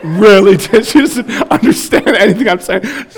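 A man in his thirties preaching a sermon, telling stories in an animated, joking way. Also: sits high, a little fast. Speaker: pastor.

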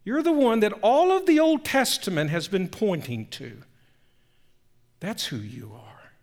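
A man voicing an earnest male disciple who speaks an emphatic, hushed confession of faith. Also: sits high, expressive, a little slow, long reverb tail. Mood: reverent. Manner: emphatic, turning reverent and hushed.

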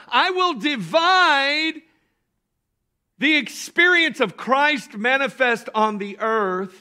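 High bright-voiced man preaching. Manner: emphatic preaching, bursts of shouting; calls on the congregation to respond. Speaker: pastor. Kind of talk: sermon.

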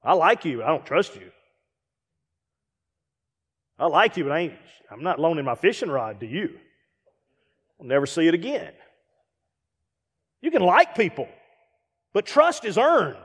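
Guest preacher, middle-aged man, high-pitched, lively delivery with mimicked voices, reverberant church hall. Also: measured pace, pauses often, breathy edge. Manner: animated preaching with acted-out asides and rhetorical questions. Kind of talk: sermon.

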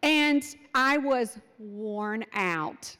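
In a large hall, an animated woman shares stories about parenting and her family, acting out quotes from her kids. Her voice is smooth and a little high, and she draws out her words.

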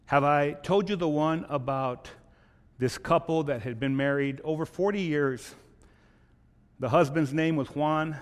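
A male pastor preaching a sermon and telling a joke in an animated storytelling manner. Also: fairly high pitch, big-room sound. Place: church.

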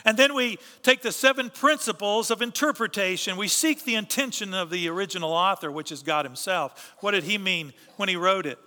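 High, sharp-voiced male preacher. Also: brisk, hardly any pauses, big-room sound. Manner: emphatic, rhetorical questions, repeats key phrases. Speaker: pastor. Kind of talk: sermon.

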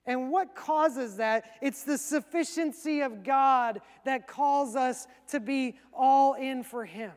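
A male pastor preaching a sermon in a conversational way, acting out quick asides. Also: very high voice, big-room sound.

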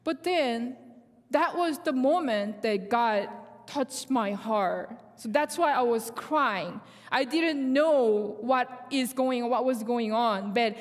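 A young woman with a Korean accent, a native Korean speaker, giving a sermon testimony in animated storytelling that acts out dialogue, with halting phrasing. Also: on the high side. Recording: long hall reverb.

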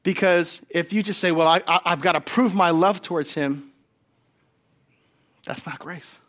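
High-voiced emphatic preacher man. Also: a little slow, a bit bright. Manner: emphatic, repeats key lines, has congregation repeat after him. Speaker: guest pastor. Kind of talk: sermon.

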